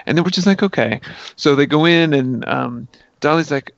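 Gravelly man telling a story. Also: on the high side, a little fast, dry recording, lo-fi sound. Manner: animated storyteller, many fillers. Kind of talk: casual chat.

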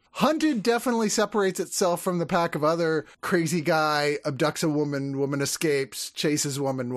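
A man hosting a podcast, reviewing a movie in a chatty, joking way and laughing often. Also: on the high side. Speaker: podcast host.

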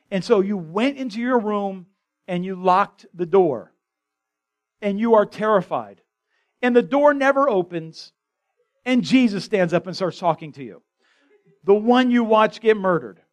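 A man's voice: high voice, lively intonation, a little slow, pauses often. A man preaching a conversational, impassioned sermon as pastor in a church. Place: church sanctuary.

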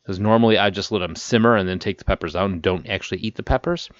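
Animated storytelling man, low voice. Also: fast talker, no room sound, lo-fi sound. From Chicago area, Illinois. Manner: animated storyteller who laughs and acts out quotes. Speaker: podcast co-host. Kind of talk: casual chat.

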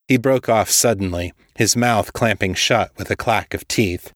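A man narrating a story as a podcast host, reading in a steady, measured way. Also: fairly low pitch, no room sound, clean studio sound. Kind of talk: scripted audiobook narration.

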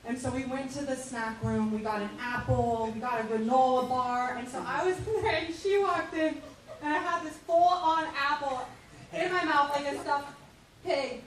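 A woman's voice: high-pitched, moderate pace, slight background noise. Giggly woman on a very echoey panel. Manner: giggly, lively storyteller. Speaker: voice actor panelist. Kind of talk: convention panel anecdote. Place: convention panel room. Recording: very echoey hall, distant mic.

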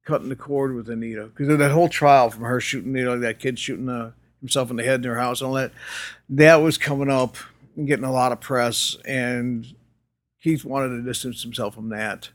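A man's voice: medium pitch, fairly even intonation, brisk. An older man telling anecdotes in an interview, rambling with many fillers and restarts and laughing often. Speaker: interview guest. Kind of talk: casual storytelling.

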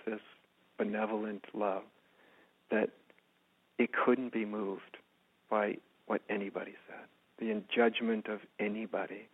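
A man from the United States, a spiritual teacher, telling a personal story in an interview, soft-spoken and halting with many restarts. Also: lowish voice. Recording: phone-like narrow band.

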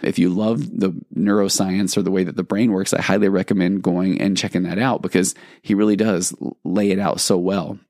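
A man's voice: sits low, flat delivery, brisk, vocal fry, few pauses, a little mellow, dry recording, clean studio sound. A man hosting a solo podcast in a casual, reflective way, explaining ideas and acting out inner thoughts. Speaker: podcast host.

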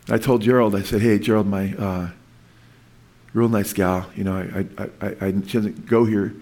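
A man's voice: fairly low pitch, steady tone, moderate pace, a little mellow. A man preaching a sermon in an earnest, rambling way, with frequent restarts and asides to his listeners. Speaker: pastor.

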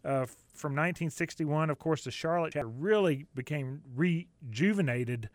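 Man, radio co-host, studio, somewhat high voice, dry sound, chatty and rambling. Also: moderate pace, no echo. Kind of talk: casual radio chat.

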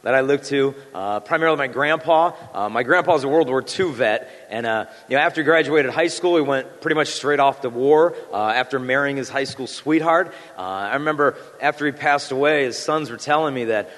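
A man in his thirties leads a prayer, then speaks to the congregation in a relaxed, conversational way. He pokes fun at himself, and his sentences are full of fillers and restarts. His voice carries a long reverb, as if it is filling a large church. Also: mid-range voice, a little fast, hardly any pauses. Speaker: Catholic speaker.

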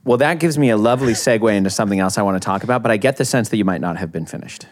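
A man hosting a podcast, relaxed and wry, talking casually and swearing a bit. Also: on the low side, very fast. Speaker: podcast host. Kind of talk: casual conversation.

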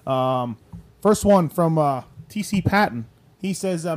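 A man's voice: a little high, animated, measured pace. A man hosting a casual podcast who reads listener emails aloud and teases his co-host in a dry way.

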